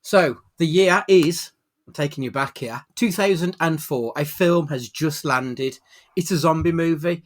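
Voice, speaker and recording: Higher-voiced British podcast host. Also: male voice, unhurried. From United Kingdom. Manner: dramatic storytelling build-up. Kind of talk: casual chat and scripted film intro. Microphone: webcam.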